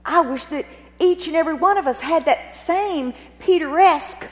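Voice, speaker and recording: A woman preaching a sermon, retelling a scene with expressive, dramatic storytelling and rhetorical questions. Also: high-pitched, moderate pace. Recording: long reverb of a large hall.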